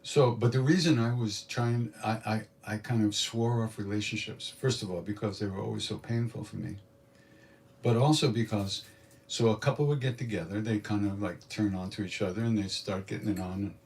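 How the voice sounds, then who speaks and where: An older man telling stories at a spiritual gathering, animated and acting out what others said. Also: lowish voice, normal speed, far from the mic. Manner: animated storyteller, acts out quotes. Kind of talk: storytelling satsang talk.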